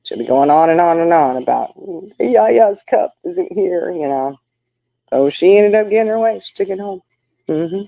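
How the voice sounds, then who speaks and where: Chatty grandma, mellow voice. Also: female voice, low voice, normal speed, creaky, dry recording, low-quality recording. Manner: folksy, chatty storytelling. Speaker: livestream host. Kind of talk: casual chat with viewers.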